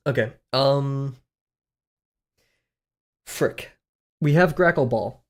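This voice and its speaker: Speaking very slowly in a mid-range voice, a young Southern US man streams himself drawing and thinks out loud. This art streamer rambles casually, puts himself down, and chuckles frequently.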